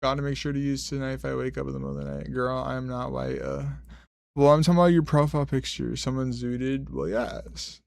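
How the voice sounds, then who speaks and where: A young man chats with his stream while high and half asleep, sassy and full of swearing as he drifts from topic to topic. His voice has a gravelly, fried edge at a middle pitch. The sound is close and dry, with no room echo. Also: flat delivery, fast. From Mexican heritage. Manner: sassy, swearing, rambling chatter. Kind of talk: casual stream chat reading comments.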